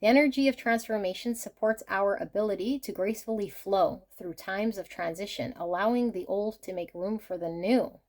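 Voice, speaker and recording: A woman giving an intuitive tarot reading, gentle and effusive, often exclaiming in delight as she talks while laying out cards. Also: mid-range voice, normal speed, hardly any pauses. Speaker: tarot reader.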